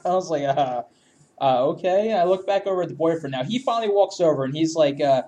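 A man's voice: fairly high pitch, expressive, fast, dark tone. A man telling a story in casual chat, laughing often, swearing freely and acting out what people said.

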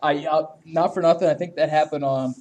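Man, fairly high voice, casual storytelling, frequent laughter, heavy swearing, acts out quotes. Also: steady tone, fast, darkish tone, slight background noise.

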